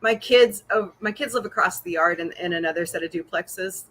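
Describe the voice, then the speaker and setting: A middle-aged woman hosts a loose, casual livestream chat, jumping between topics and laughing often. Her voice sounds bright, and she answers viewers' comments as she goes. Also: on the low side, fairly quick. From Missouri. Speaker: podcast host.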